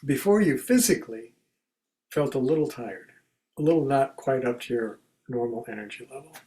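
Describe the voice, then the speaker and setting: A man giving a contemplative spiritual talk in a conversational way, acting out everyday examples as quoted speech and going soft and quiet on key phrases. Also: mid-range voice, normal speed, rough recording. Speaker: spiritual teacher and speaker.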